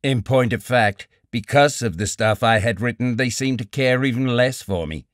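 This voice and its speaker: A man voicing a bitter young male writer who argues in a cool, measured way, read in an audiobook. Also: medium pitch, no echo, clean studio sound, natural voice. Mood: reasoning. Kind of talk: audiobook character reading.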